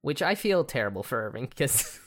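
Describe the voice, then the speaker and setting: A young woman with a strikingly deep, low voice, talking through a movie in a relaxed, halting way. She stumbles over her words now and then and laughs easily. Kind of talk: casual chat about a film.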